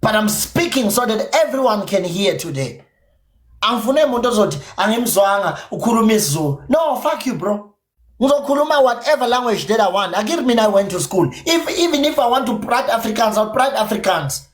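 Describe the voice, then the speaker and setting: A man's voice: sits high, animated, fairly quick. A South African man with a Zulu-inflected accent, a native isiZulu speaker, ranting confrontationally and profanely on his podcast stream. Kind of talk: angry livestream rant. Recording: echoey room.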